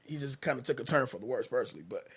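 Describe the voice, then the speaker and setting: A man hosting a casual movie review chat, laid-back and quick to chuckle. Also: medium pitch, expressive, breathy edge. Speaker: host.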